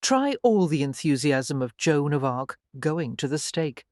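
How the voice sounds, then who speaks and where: A narrator voicing a proud, surly young gentleman in an audiobook, speaking gruffly and acidly. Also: mid-range voice, sing-song, unhurried, no room sound, studio quality. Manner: gruff, acid, frustrated. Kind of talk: audiobook character voice.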